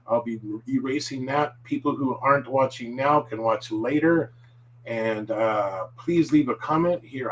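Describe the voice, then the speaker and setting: A man talks through a relaxed live-stream lesson, rambling and filling pauses with "uh" and "um". He sits a little back from the mic, and a faint hum runs underneath. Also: mid-range voice, distant mic, poor audio. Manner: rambling, filler-heavy, chatty. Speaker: Japanese language teacher.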